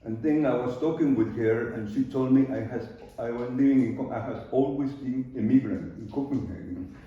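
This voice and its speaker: An older man from Peru with a Peruvian Spanish accent, a native Spanish speaker, giving an unhurried live talk with loose grammar and frequent pauses. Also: mid-range voice. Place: large art studio. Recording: very echoey room from far off, dull.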